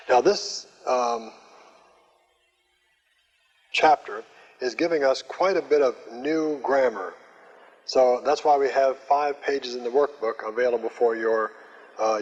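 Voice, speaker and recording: An older man teaching a Greek class, speaking slowly and methodically with frequent pauses and fillers. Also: mid-range voice, husky. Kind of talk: classroom lecture. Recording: muffled old lecture recording with long hall reverb.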